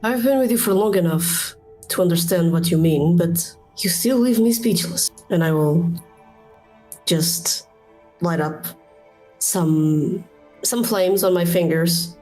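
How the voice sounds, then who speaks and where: A woman's voice: fairly low pitch, takes it slowly, warm tone, faint music behind. A woman voicing an earnest young male fire mage apprentice, speaking thoughtfully.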